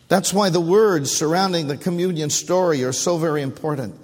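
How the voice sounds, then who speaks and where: Husky preacher in a reverberant church. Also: male voice, on the high side, a little fast, few pauses, darkish tone. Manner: preaching with repetition and call-and-response. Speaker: pastor. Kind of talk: sermon. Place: church sanctuary. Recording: long hall reverb.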